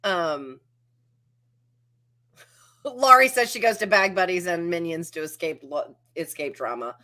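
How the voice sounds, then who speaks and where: A woman's voice: lowish voice, expressive, measured pace, pushed and bright. A woman co-hosting a live stream, chatting in a loose, rambling way with many fillers. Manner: rambling, lots of "like" and restarts. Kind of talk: casual live-stream chat.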